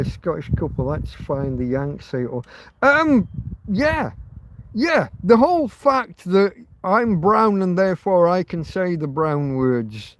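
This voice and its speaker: A man hosting a rambling livestream, ranting heatedly with plenty of swearing and restarts. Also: a little high. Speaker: livestream host.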